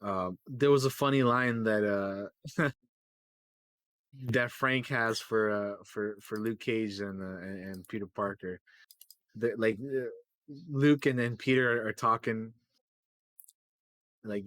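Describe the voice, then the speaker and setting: Rambling profane podcast guy, bright tone. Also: fairly low pitch, steady tone, measured pace, long pauses, no echo. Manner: rambling, profane, many fillers, acts out quotes. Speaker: podcast co-host. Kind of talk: casual chat recapping comics.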